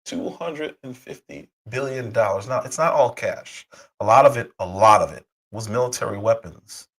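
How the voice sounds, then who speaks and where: A man hosting a political commentary livestream, hoarse from a cold, talking heatedly with rhetorical questions and frequent restarts. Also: medium pitch, normal speed, low-quality recording. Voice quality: husky. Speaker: livestream host.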